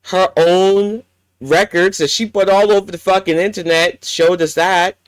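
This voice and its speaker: A woman's voice: lowish voice, steady tone, measured pace, dry recording. A woman hosting a reaction commentary, ranting bluntly and swearing often. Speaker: commentary channel host.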